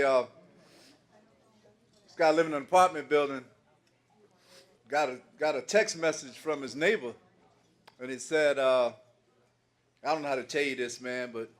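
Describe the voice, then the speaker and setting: A man's voice: mid-range voice, fairly even intonation, moderate pace, long pauses. An older man doing stand-up comedy, telling folksy stories in a loose way and laughing at his own jokes.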